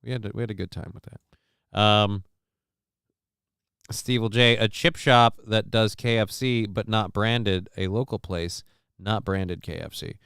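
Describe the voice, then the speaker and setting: A man's voice: fairly low pitch, steady tone, unhurried, fairly bright tone, clear, resonant tone, dry recording, studio quality. A man hosting a casual livestream, joking loosely and with profanity while reading out viewer comments. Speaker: livestream show host.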